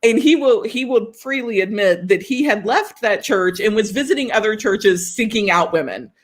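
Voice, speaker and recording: A woman co-hosting a podcast tells a story in casual conversation, animated and laughing often as she acts out what each person said. Her voice is medium-pitched, at a moderate pace.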